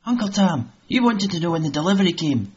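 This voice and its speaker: A man's voice: animated, quick pace, darkish tone. A man playing an eager Scottish boy. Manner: high pleading boyish voice. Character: eager young Scottish boy, earnest nephew. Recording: dull lo-fi recording.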